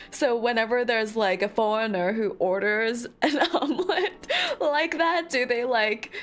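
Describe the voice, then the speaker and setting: A high-voiced woman chats casually with her stream audience, giggly, with a lively, swooping melody. She takes her time over her words, and faint music plays behind her. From United States. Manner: giggly, animated, chatting to viewers. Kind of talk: casual livestream chat.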